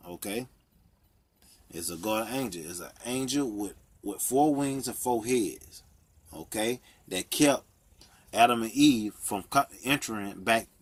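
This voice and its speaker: Slow, deliberate man teaching scripture. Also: lowish voice, no echo. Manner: reads scripture slowly, explaining with frequent "okay?". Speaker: Bible teacher. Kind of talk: Bible study sermon.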